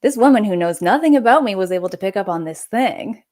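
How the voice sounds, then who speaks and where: A woman in her forties, a naturopathic doctor and podcast guest, telling a personal story in a lively, conversational way and acting out the people she quotes. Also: mid-range voice, quick pace.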